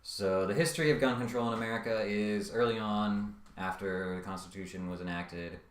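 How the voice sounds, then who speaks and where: A man's voice: lowish voice, steady tone, fairly quick, roomy sound. A man giving casual commentary on a video essay, with frequent ums and uhs and wry asides.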